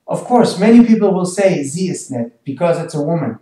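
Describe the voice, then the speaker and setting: A man teaching German in a slow, patient way, repeating example sentences and chuckling now and then at the grammar. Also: sits high, very animated, warm tone, roomy sound. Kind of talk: language lesson explanation.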